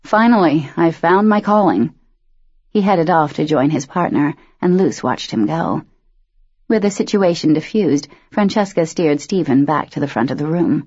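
A woman with a husky voice reading a novel aloud as a narrator, in a steady, measured way. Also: low-pitched, no echo. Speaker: audiobook narrator. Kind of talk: scripted narration. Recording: dull, dry lo-fi recording.

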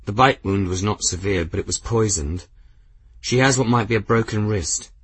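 A man's voice: fairly low pitch, moderate pace, fairly bright tone, breathy edge, dry recording. A man voicing a weary young male warrior bodyguard in an audiobook, wooden and plain-spoken. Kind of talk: audiobook character reading.

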